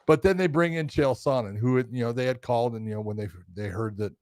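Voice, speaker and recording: A man's voice: medium pitch, fast talker, darkish tone, no echo, clean studio sound. A man co-hosting a casual podcast, rambling and leaning on "you know", now and then acting out what others said. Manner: rambling, full of "you know", acts out quotes. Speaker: podcast co-host, grappling referee.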